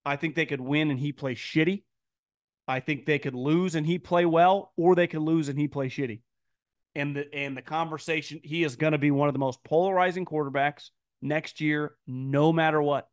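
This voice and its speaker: A man talking into a podcast mic with a fairly high voice for a man, blunt and emphatic as he answers listener questions. He stammers and restarts often as he builds his points. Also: steady tone, normal speed, dry recording, clean studio sound. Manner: frequent restarts and stammered repeats. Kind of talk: casual opinionated commentary.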